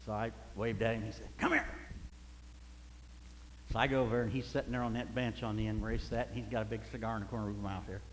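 A man's voice: lowish voice, steady tone, quick pace, slight background noise. A man preaching a sermon, telling folksy stories and chuckling as he goes. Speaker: pastor. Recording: echoey hall.

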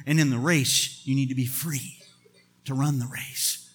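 An older man preaching a sermon with passion, swinging from loud emphatic bursts to quiet asides. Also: medium pitch, fairly even intonation, unhurried, slightly rough. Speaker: pastor.

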